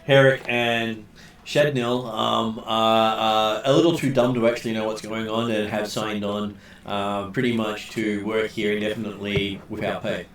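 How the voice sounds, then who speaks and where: Man, game master, halting narration, mid pitch, faint hiss behind. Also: steady tone. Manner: halting, many ums and uhs.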